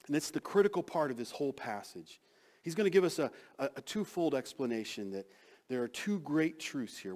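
A man preaching a sermon as pastor, acting out quoted lines with sudden swings from loud to soft. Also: medium pitch.

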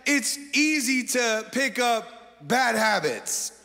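A man's voice: very high voice, sing-song, slow pace, pushed and bright. A male pastor giving a sermon, joking and quizzing his congregation in a playful way. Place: large church auditorium. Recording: long church-hall reverb.

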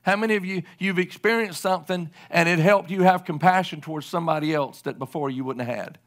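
A man's voice: on the high side, fast, fairly bright tone. A middle-aged man preaching a sermon as a pastor, emphatic and repeating his key lines to the congregation.

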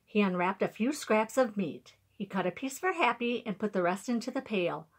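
Expressive woman storyteller reading aloud to children; husky, animated delivery. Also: medium pitch, normal speed.

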